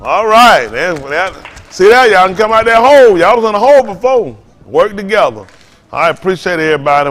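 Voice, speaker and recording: An older male pastor delivers a loose, conversational sermon. His voice sits a little high, and he talks in a folksy, animated way. He circles back and repeats phrases as he tells stories. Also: a little fast. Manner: folksy, animated, Southern Black church vernacular, repeats himself. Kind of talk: informal sermon with storytelling.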